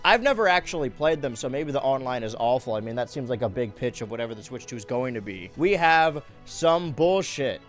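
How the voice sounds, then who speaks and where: A young man hosting a joke news show, with a jokey, excitable mock-newscaster delivery. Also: mid-range voice, quick pace, hardly any pauses, faint music behind. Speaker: host.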